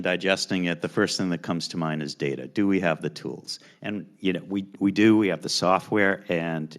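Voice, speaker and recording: Deep-voiced man on a finance panel. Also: fairly bright tone. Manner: casual, uses "you know" and restarts. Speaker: panelist, company CFO. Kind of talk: panel answer. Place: university event hall.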